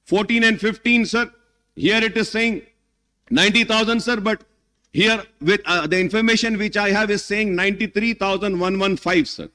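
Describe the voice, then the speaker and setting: This parliamentary speech comes from a middle-aged man with an Indian English accent, his high voice bright and forceful at a moderate pace. Emphatic, he addresses the chair as "sir" again and again and switches between English and Hindi, with long reverb from the big chamber.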